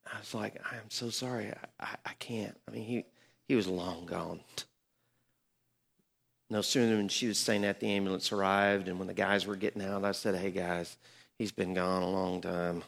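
A man's voice: sits low, fairly even intonation, moderate pace, creaky, fairly bright tone. A middle-aged man, a pastor, telling a story in a sermon, earnest and building to emphatic peaks.

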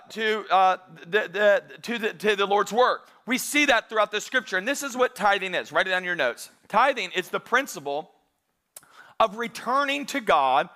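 A man with a high, bright voice preaching to his church. He speaks in a casual, conversational way and leans hard into the scripture he quotes. The tone stays clear and forward. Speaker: pastor. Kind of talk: sermon.

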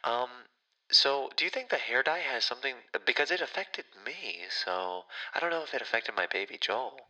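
A man's voice: medium pitch, lively intonation, moderate pace, pushed and bright, pitched above the performer's own voice, rough recording. A man voicing a chatty, doting mother with a put-on Spanish-tinged telenovela accent, asking puzzled questions. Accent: telenovela-style Spanish-tinged English. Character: caller's mother, a chatty middle-aged woman.

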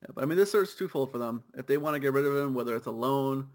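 A man's voice: medium pitch, animated, slight background noise. A young man co-hosting a soccer podcast, chatting casually and riffing with easy laughs. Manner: laid-back, quick riffing with laughs. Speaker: podcast co-host.

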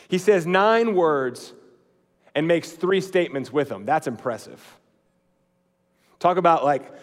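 A man preaching a sermon in a conversational way, swinging between emphatic lines and quiet, slow, hushed ones. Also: fairly high pitch, long reverb tail. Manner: conversational, with fillers and restarts.

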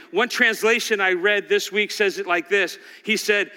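A male pastor preaching a sermon, swinging between loud exhortation and quiet intensity. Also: high-pitched, a little slow, few pauses, smooth. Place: large church hall. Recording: long hall reverb.

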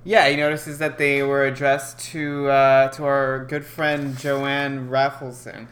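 A man with a bright, pointed tone co-hosts a podcast in easygoing banter. He jokes, swears casually and keeps things loose. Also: mid-range voice, little pitch movement, takes it slowly. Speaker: podcast co-host.

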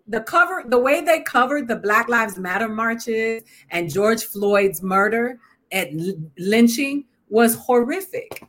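A woman's voice: a little high, fairly bright tone. A woman hosting a podcast, talking in a blunt, profane and impassioned way in casual comedic chat. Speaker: podcast host.

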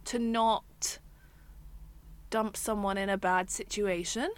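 A woman's voice: medium pitch, fairly even intonation, takes it slowly, clear, resonant tone. A woman hosting a podcast in casual chat, bubbly and playful, laughing often. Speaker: podcast host.

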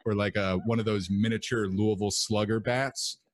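A man's voice: on the low side, steady tone, moderate pace. Profane rambling man in casual chat. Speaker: podcast co-host.

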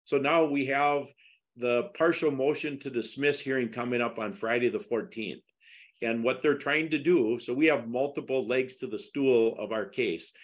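Speaking at a moderate pace in a mid-range voice, a middle-aged podcast guest discusses the legal case he's involved in. The interview is casual, but he grows emphatic and starts firing off indignant questions.

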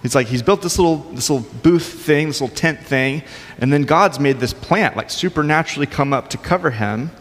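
A man's voice: a little high, fairly quick, a bit bright, big-room sound. A man preaching a sermon in a conversational way, with casual asides. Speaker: pastor.

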